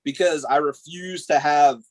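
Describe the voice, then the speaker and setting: A man chatting as a podcast guest tells stories with lots of energy, packing in fillers and curses. His voice sits a little high. The sound is dry, with no room echo. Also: a little slow. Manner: animated storytelling, heavy swearing, frequent "like" and "dude". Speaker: guest tattoo artist. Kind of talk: casual podcast chat.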